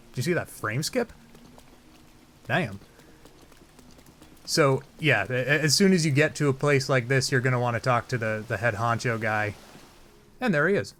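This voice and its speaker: A man's voice: mid-range voice, expressive, a little slow, pauses often, fairly bright tone, slight background noise. Crude, joking let's play guy. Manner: crude, joking, rambling with fillers. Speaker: game let's play host. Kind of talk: casual gameplay commentary.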